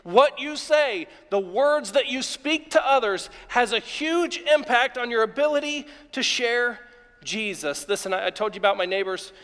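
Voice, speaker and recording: Pastor, male, from Ohio; high voice, animated storyteller, reverberant large hall. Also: moderate pace. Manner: animated storytelling preacher, acts out yelling at his dog. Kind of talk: sermon.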